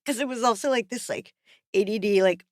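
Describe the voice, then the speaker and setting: A woman's voice: on the high side, fairly quick, no echo, clean studio sound. Tearful, rambling woman podcaster. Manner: rambling, many fillers, laughs through tears. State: tearful, on the verge of crying. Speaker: podcast co-host. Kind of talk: casual chat.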